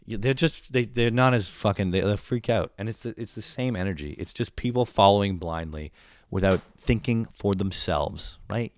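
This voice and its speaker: A young man with a lowish voice rants through a comedic podcast monologue, cursing freely and mocking himself. His energy jumps into loud outbursts, then sinks into low mutters. The sound is dry and close, with no room around it. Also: moderate pace, no room sound. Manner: profane, irritable, self-mocking. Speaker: podcast host.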